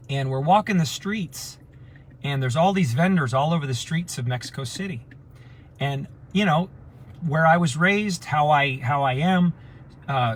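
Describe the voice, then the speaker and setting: A man talking casually to his community group, telling stories and acting out the voices of people he quotes. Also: a little high. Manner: animated storyteller, acts out quoted voices. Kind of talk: casual storytelling talk.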